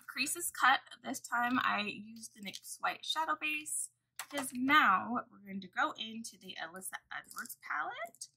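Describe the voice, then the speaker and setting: A woman's voice: fairly high pitch, expressive, unhurried, vocal fry, sharp tone, slight background noise, low-quality recording. A woman vlogger talking through a makeup tutorial at home, chatty and profane as she tells a story. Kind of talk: casual makeup tutorial chat.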